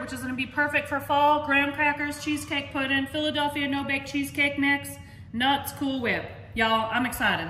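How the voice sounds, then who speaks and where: A woman's voice: high-pitched, pushed and bright. A woman hosting a casual cooking demo in a home kitchen, chatting to viewers and calling them y'all. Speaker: cooking channel host. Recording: echoey kitchen with faint noise.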